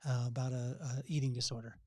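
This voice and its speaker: A man hosting a podcast, asking questions in casual chat with quick restarts. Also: medium pitch, level tone, a little mellow, no echo, clean studio sound. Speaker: podcast host.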